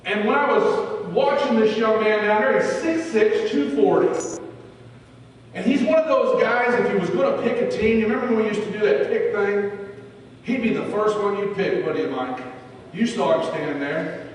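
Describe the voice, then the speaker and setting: Male pastor, storytelling sermon voice, fairly high, distant echoey church recording. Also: moderate pace, a little hiss or hum. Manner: storytelling, swings from loud to hushed. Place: church sanctuary. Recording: echoey church hall, from far off.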